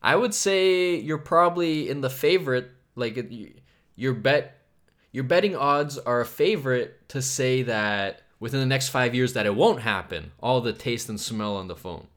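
A man's voice: medium pitch, expressive, normal speed, a bit bright. A man hosting a solo podcast, rambling from topic to topic in a self-mocking, profane way. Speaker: podcast host.

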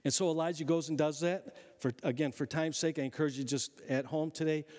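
A man preaching a sermon as a pastor, conversational and animated, asking the listeners rhetorical questions as he reads and explains scripture. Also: fairly high pitch, fairly quick, in a large hall.

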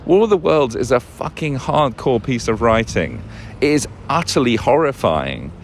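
A podcast host with a mid-range, sing-song voice rambles casually at length on his own at normal speed, over slight background noise. He often loses words, corrects himself, swears, and chuckles a lot.

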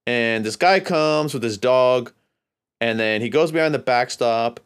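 A man's voice: mid-range voice, unhurried, clean tone. A man from California hosting a podcast, telling a long, rambling, profane story in a casual, laid-back way. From California, USA. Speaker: podcast host.

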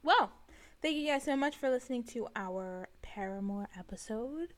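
A woman's voice: on the high side, lively intonation, moderate pace. A woman co-hosting a podcast in casual chat, a little tipsy, hesitant and stuttering with many ums. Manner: hesitant, stuttering and umming a lot. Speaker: podcast co-host.

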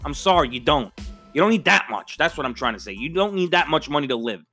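A man's voice: on the high side, animated, quick pace, sharp tone, faint music behind. A middle-aged man, ranting as a sports fan, profane and emphatic, stumbling over restarts. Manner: profane, fired-up, emphatic with repeated stammering restarts. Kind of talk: heated solo rant.

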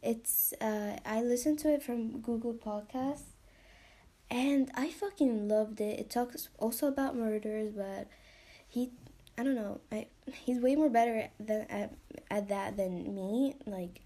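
A young woman hosts a casual podcast, talking slowly in a somewhat high, warm, soft-edged voice. She rambles with plenty of fillers and curses. Now and then she drops into a whisper. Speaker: podcast host.

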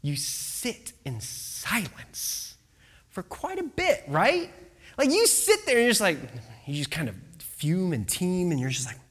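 A preacher giving a sermon, telling the story with lively acted-out quotes and questions to the listeners. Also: medium pitch, moderate pace. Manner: animated storyteller who acts out quotes.

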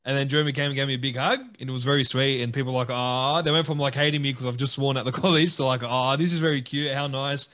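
A man co-hosting a podcast, telling a story in a casual, animated way and laughing often. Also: mid-range voice, racing, hardly any pauses. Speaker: podcast co-host.

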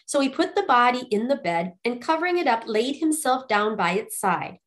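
A woman storyteller reading a ghost fairy tale aloud in an expressive, lively way. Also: fairly high pitch, normal speed, few pauses.

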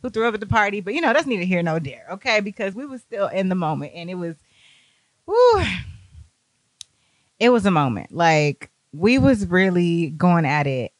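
Animated woman telling a wild story. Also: on the low side, a little fast, few pauses, dry recording. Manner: animated, profane, acts out other people's lines. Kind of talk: casual storytelling.

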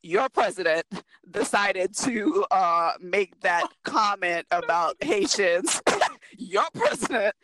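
A woman co-hosting a podcast in casual chat, an animated storyteller who laughs a lot. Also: medium pitch, slow, a little hiss or hum, poor audio. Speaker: podcast co-host and writer.

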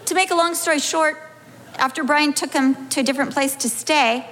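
A middle-aged pastor's wife giving a humorous personal testimony in a sermon, animated and acting out her own past reactions. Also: high voice, brisk, in a large hall, background noise. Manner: animated storytelling, acting out her own wails and self-talk.

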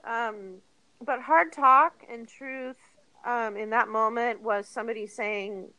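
A woman's voice: a little high, slow, dry recording, rough recording. A woman in her thirties, a guest telling a candid personal story in an earnest, chatty way. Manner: earnest, chatty, animated retellings with laughs.

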